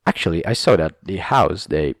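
A man's voice: deep voice, expressive, normal speed, gravelly, no room sound, studio quality. A young man speaking English, hosting a casual, rambling solo podcast chat, swearing and laughing as he wanders between topics. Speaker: podcast host.

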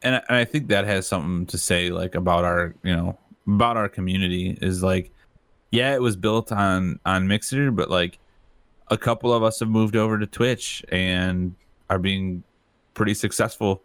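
A male streamer talking casually in a fairly low voice. He is laid-back and blunt, dropping swear words offhandedly. The recording is dry and close. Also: moderate pace, fairly bright tone, no echo. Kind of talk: casual chat.

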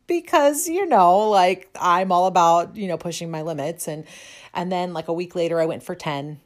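A woman's voice: fairly low pitch, animated, normal speed. A woman who teaches fitness, telling a personal story in a chatty, self-deprecating way with many fillers. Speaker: fitness instructor. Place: lives in a cold, snowy city.

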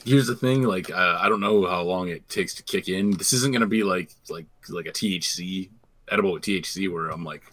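A man's voice: deep voice, brisk, a bit bright, no room sound. A man co-hosting a comedy podcast, rambling in casual chat and laughing mid-sentence. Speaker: podcast co-host.

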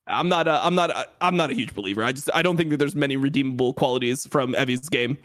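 A man's voice: mid-range voice, quick pace, a bit bright. A man co-hosting an esports chat, analysing players in a casual, profane way. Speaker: esports co-host.

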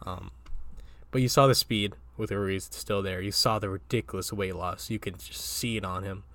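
A man co-hosting a casual sports chat, animated and laughing often as he reads quotes aloud. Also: deep voice, normal speed. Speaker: co-host.

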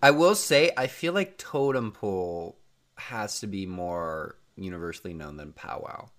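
A man hosting a podcast over a video call, joking and teasing his co-host in easy casual chat. His voice sits a little low. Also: animated, a little slow, a bit bright.

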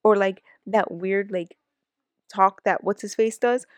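Ranting, animated woman in casual chat. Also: medium pitch, dry recording. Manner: ranting, quick and animated, talks over her partner. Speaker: podcast co-host.

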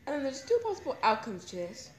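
A woman's voice: high-pitched, huge pitch swings, fairly quick, slight background noise. Chatty young woman in echoey room. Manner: candid, rambling, emotional. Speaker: podcast host. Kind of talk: casual personal talk. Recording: echoey room with faint ambience.

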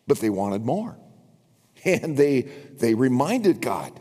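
Slow, lively older male preacher. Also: mid-range voice. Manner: animated, wry asides to the congregation. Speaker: pastor. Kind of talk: sermon. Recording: long reverb from a large hall.

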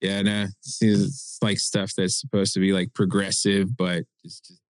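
A man's voice: low voice, flat delivery, moderate pace, no echo. A man in his thirties, a guest on a casual podcast, talking bluntly and profanely about frustrations at work. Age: 30s. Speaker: guest, tattoo shop counter worker. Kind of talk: casual chat.

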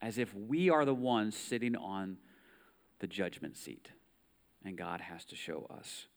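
A pastor with an American accent and a lowish voice preaches a sermon conversationally, animated yet unhurried. He reads scripture aloud and poses rhetorical questions to the listeners.

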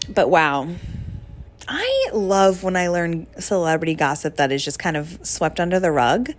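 A woman's voice: lowish voice, very animated, unhurried. A young woman hosting a casual solo podcast, chatty and gushing with lots of fillers. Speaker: podcast host.

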